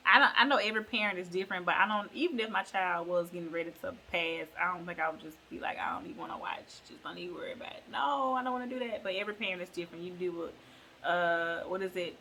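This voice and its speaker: Woman vlogger chatting through a bible story, slangy and rambling, bright voice. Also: fairly low pitch, quick pace, slight background noise. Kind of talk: casual bible retelling.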